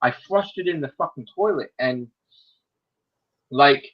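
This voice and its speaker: A man telling a story in casual chat, swearing a lot and acting out the people in it, sometimes shouting. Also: fairly high pitch, a little slow, muffled recording. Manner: animated, profane, acts out quoted people in raised shouting voices.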